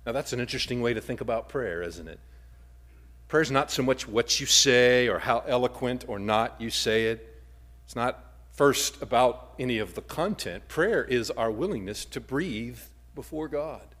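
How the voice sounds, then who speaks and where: Dynamic male preacher, loud to hushed. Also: medium pitch, expressive, measured pace. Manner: dynamic preaching, swings from loud emphasis to near-whisper. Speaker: pastor. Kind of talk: sermon.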